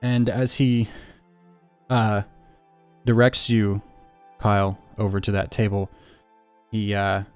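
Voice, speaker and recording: A man's voice: lowish voice, little pitch movement, slow, pauses often, a little mellow, soft background music. A man narrating as game master of a tabletop game, loose and rambling with many fillers.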